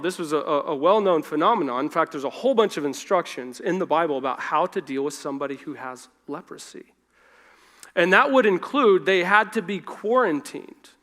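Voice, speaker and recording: Preacher, man, high-pitched, informal, loose sermon delivery that swings between forceful stresses and quiet asides. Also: expressive, normal speed. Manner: informal, self-correcting, shifts between loud emphasis and hushed asides. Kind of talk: conversational sermon. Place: church.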